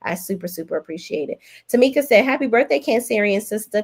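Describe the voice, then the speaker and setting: Lively woman reading live-stream chat. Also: fast talker. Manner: animated, swoops high when thanking viewers; chatty, Southern-tinged slang like y'all and child.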